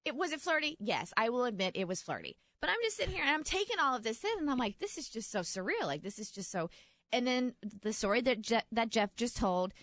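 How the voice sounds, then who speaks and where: A young woman co-hosting a radio show, telling a story in an animated, excited way. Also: a little high, fast, no room sound. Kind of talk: casual morning radio chat, storytelling.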